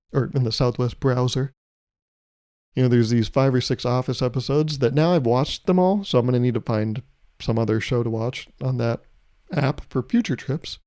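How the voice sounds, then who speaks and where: A man's voice: mid-range voice, warm tone, no room sound, clean studio sound. A young man hosting his podcast, telling a travel story in a casual, comedic way with exasperated, swearing rants. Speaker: podcast host.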